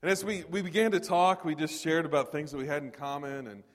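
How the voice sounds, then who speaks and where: A man's voice: a little high, steady tone, fast. A man in his forties from Texas, preaching a sermon in a conversational storytelling way with touches of humor. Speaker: pastor. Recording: long reverb of a large hall.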